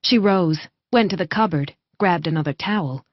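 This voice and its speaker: Audiobook narrator: woman, low voice, measured read, dry and slightly muffled sound. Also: no echo. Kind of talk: scripted narration.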